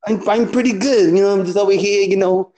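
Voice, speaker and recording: Guy putting on a cocky jersey tough guy voice, cursing and rambling on a prank call, kinda high. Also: fast, a crowd in the background, lightly acted. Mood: swaggering. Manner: boastful, crude, rambling with fillers. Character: brash short-tempered Jersey Italian guy, adult man. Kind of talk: comedic phone prank call.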